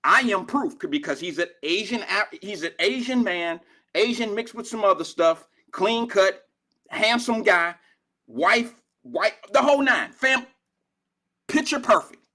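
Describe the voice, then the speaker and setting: A man's voice: high-pitched, lively intonation, measured pace, bright, forceful tone. A middle-aged man from Cincinnati hosting a live call-in show, ranting in a fiery, profane and confrontational way at his critics. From Cincinnati, USA. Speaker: talk show host.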